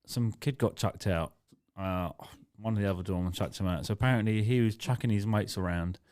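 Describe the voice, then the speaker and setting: A man's voice: lowish voice, a little fast, a little mellow, clear, resonant tone. A man, a podcast co-host and doorman, telling a blunt, rambling, sweary story in casual chat. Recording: raw, unedited podcast.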